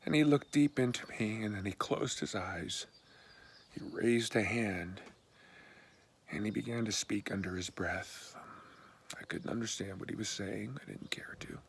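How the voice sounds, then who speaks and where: A man telling a personal story in an earnest, candid and heartfelt way, often dropping to a hushed half-whisper. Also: lowish voice, a little slow, vocal fry, husky.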